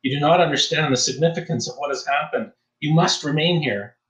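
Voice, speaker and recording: A man's voice: fairly high pitch, a little fast, a bit bright, recorded from a distance, pitched above the performer's own voice, close to an everyday voice. A man voicing an urgent old priest. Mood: commanding. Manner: earnest, urgent. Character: old village priest, pleading, commanding. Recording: roomy echo.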